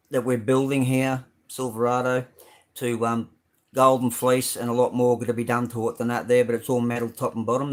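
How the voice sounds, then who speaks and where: A middle-aged Australian man hosting a casual live stream, rambling through his model car builds with many ums and greeting viewers by name. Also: medium pitch. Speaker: live stream host showing model cars.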